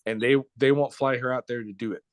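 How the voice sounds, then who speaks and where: A man's voice: mid-range voice, fairly even intonation, quick pace, no room sound. Blunt, profane man telling a story. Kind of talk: casual spoken storytelling.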